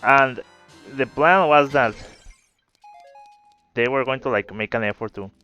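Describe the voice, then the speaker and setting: A man's voice: mid-range voice, measured pace, sharp tone. Laid-back man rambling over game music. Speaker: gameplay video creator. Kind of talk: casual gameplay commentary with storytelling. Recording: slightly dull audio with faint game music. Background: faint game music.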